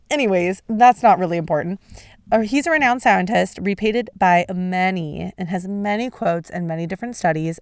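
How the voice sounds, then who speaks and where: A woman talks through her solo podcast with casual, expressive energy, quick to swear and to laugh at her own slips. Her voice carries a gravelly fry. The recording is dry and close, with no room sound. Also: fairly low pitch, dry recording. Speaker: podcast host.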